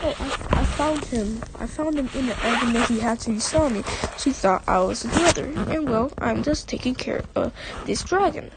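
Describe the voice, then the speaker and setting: A woman voicing a smug, all-powerful male god who talks down to others in a calm, menacing drawl. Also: on the high side, moderate pace, very noisy.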